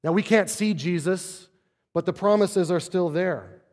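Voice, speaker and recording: A man preaching a sermon as pastor, talking conversationally with rhetorical questions and swinging between loud and soft. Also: sits high, measured pace. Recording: long hall reverb.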